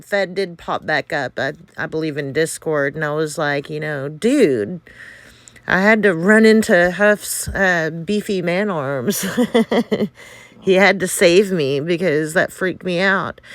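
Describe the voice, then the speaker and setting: A woman recounts a story at an unhurried pace, full of fillers, laughter and casual swearing. Her voice is smooth and clean, recorded dry and close. She sounds a little out of breath. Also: deep voice, fairly bright tone, no room sound. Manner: rambling, many fillers, laughs often, candid swearing. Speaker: game community member recounting events.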